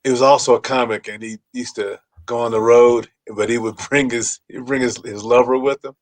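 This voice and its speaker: A man's voice: mid-range voice, fairly even intonation, a little fast. A man hosting a casual talk show, telling anecdotes loosely, laughing and acting out quotes. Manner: loose, laughing storyteller who acts out quotes. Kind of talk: casual chat.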